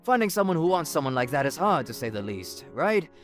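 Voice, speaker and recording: A man's voice: a little high, sing-song, fairly quick, faint music behind. A man voicing an evasive, sheepish cheating husband who stammers and hesitates.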